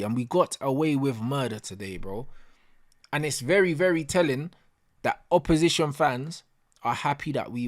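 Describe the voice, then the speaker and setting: A man ranting in a post-match football reaction video, heavy on slang and repeating himself for emphasis. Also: on the high side. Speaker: football fan channel host.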